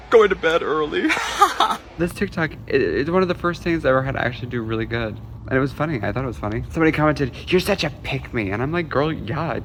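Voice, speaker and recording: A man's voice: medium pitch, gravelly, a bit bright, slight background noise. A man in his twenties talking candidly to a phone camera on the go, swearing and switching between jokes and venting. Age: 20s. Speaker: vlogger. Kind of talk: casual vlog talk to camera. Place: out and about, car and stores.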